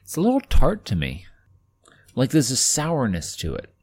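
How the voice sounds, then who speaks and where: A man in his thirties co-hosting a casual whiskey tasting, animated and playful, swearing freely. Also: mid-range voice, normal speed, slightly rough. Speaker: podcast co-host.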